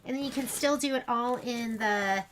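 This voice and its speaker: A woman's voice: on the high side, moderate pace, fairly bright tone. A woman hosting a sewing livestream, chatting casually and rambling while she demonstrates. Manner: chatty, rambling, self-deprecating. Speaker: sewing shop livestream host.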